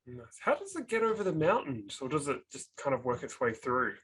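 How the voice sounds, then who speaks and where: A man's voice: medium pitch, big pitch swings, brisk, a bit bright, slightly rough, rough recording. A man co-hosting a casual podcast, a father who jokes and banters with his guest and laughs easily. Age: adult parent. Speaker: podcast co-host.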